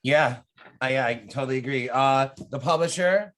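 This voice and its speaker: An American horror author, appearing as a podcast guest, talks casually in a loose, rambling way packed with fillers, swearing and sudden bursts of energy. His voice is mid-range for a man, slightly bright, at a normal speed.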